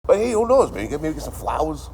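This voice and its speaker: A man's voice: a little high, sing-song, fairly quick, a little mellow, a little hiss or hum. A man in his thirties chatting casually on a livestream, with a dry, joking delivery and a lot of swearing. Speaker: livestream host.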